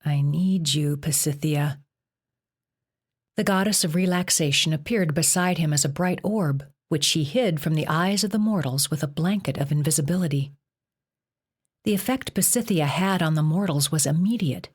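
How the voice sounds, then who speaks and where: A woman narrating an audiobook in a steady, measured way. Her voice is low and deep for a woman. The reading stays even from line to line. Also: husky. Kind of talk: scripted narration.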